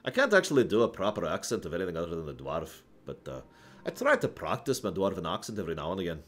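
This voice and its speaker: A man's voice: deep voice, sing-song, fast, fairly bright tone. A man answering viewer questions on a casual live stream, rambling, correcting himself and chuckling as he goes.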